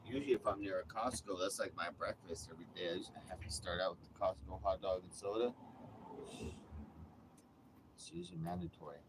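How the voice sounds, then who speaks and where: A man's voice: deep voice, fairly quick, pauses often. A man chatting casually while cooking in an RV, rambling and joking in an offhand way. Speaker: vlogger. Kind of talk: casual cooking vlog chat. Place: RV kitchen. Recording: noisy background hum.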